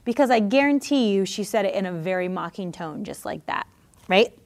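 A woman hosting a podcast sermon, teaching from scripture in an energetic, exhorting way and laughing often. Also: medium pitch, fairly quick. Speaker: Bible teacher and podcast host.

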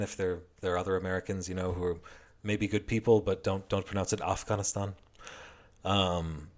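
A man's voice: fairly low pitch, fairly even intonation, a little fast. A man giving a heated, heavily profane and sarcastic political commentary rant.

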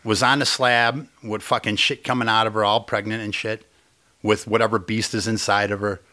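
A man's voice: fairly low pitch, level tone, normal speed, pushed and bright. Emphatic, profane man chatting films. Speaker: podcast co-host. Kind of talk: casual movie review chat.

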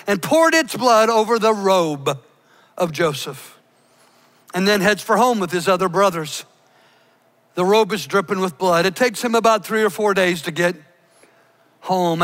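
A man preaching a sermon, emphatic, slowing down to stress key words. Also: high-pitched, pushed and bright. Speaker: pastor. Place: church.

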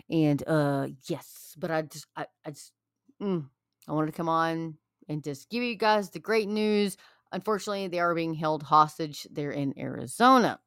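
A woman's voice: low voice, no room sound. A woman talking straight to her viewers in an angry, heated rant, hammering the same points again and again like a preacher. Her voice sounds close and dry, with no room around it. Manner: heated, preachy, repeats herself.

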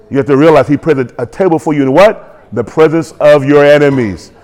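A man's voice: fairly high pitch, brisk, few pauses, darkish tone. A man preaching a sermon in an emphatic call-and-response manner.

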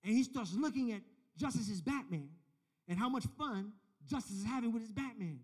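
A youth pastor preaching a casual, story-driven sermon. He acts out dialogue and builds to loud, emphatic points. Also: high voice, expressive, moderate pace.

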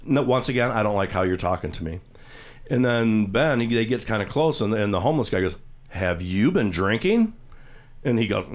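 A man's voice: fairly low pitch, lively intonation, fairly quick. A man hosting a radio show, casually retelling a TV scene in the studio and acting out the quoted voices. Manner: rambling storyteller, acts out quoted voices. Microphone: studio microphone.

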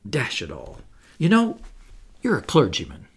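A man's voice: a little high, huge pitch swings, unhurried, creaky, fairly bright tone, breathy edge, full character voice. A man reading the part of a cheerful, eager young aristocrat in a play, earnest and a touch pompous.

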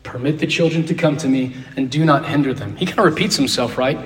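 A man's voice: on the high side, quick pace. A man leading an interactive Bible lesson, asking the class questions and repeating key phrases. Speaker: Bible teacher. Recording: roomy echo, distant mic.

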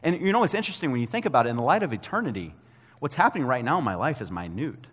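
A man in his thirties preaching a sermon as a pastor, talking conversationally and acting out quotes in an animated way. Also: mid-range voice, very fast, slightly rough, in a large hall.

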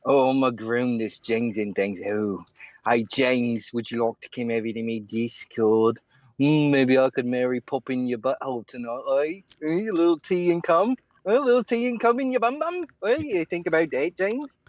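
A man's voice: mid-range voice, no room sound, pitched below the performer's own voice, lightly acted. A man voicing a leering older man with a put-on English accent, mocking and crude. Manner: mocking, crude, drawn-out taunts.

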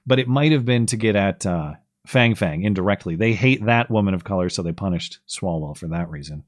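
A man's voice: low voice, expressive, brisk, no room sound, studio quality. A man hosting a podcast, giving sarcastic, mocking political commentary. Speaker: podcast host.

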